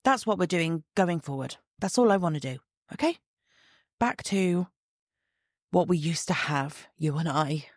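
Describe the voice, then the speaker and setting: Female podcast host, chatty and direct, lowish voice with fry, dry home recording. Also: lively intonation, unhurried, pauses often, darkish tone, no room sound. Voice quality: chatty, direct, laughs at herself. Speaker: podcast host and body image coach. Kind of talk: casual solo podcast talk. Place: sitting at home, room lights only. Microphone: own podcast mic.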